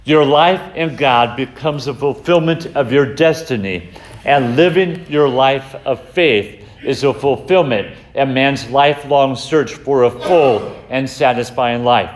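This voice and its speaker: A man preaches in an earnest, measured way, slowing for weight and reciting scripture between his points. His voice sits at an ordinary middle pitch for a man. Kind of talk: sermon.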